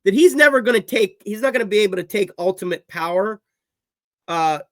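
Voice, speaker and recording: A man's voice: sits high, lively intonation, fairly quick, no room sound, studio quality. A man co-hosting a comedy podcast, riffing animatedly and laughing often. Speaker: podcast co-host. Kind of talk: casual comedic chat.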